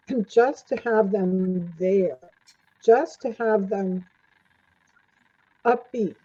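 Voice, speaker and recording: A woman's voice: medium pitch, dark tone, husky. An older woman, a returning interview guest, telling her own stories in a chatty way, laughing often and acting out what people said. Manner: chatty, laughs often, acts out quoted lines. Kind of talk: storytelling in a casual interview. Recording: dull lo-fi sound.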